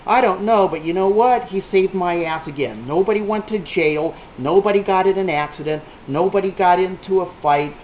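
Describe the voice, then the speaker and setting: A man's voice: sits high, normal speed, hardly any pauses, a little hiss or hum. A man telling a rambling, salty anecdote to a small group, with a punchline-driven delivery. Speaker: storyteller. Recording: echoey room on a tinny lo-fi line.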